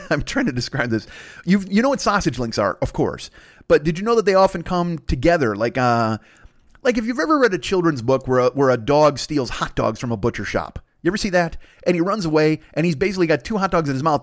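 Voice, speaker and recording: A man hosting a comedy podcast, improvising a rambling, profane story. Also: fairly high pitch. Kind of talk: improvised comic rant.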